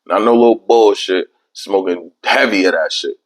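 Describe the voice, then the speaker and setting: A man's voice: low-pitched, normal speed. A young man hosting a podcast, telling a long story in casual, profane, rambling chat. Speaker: podcast host.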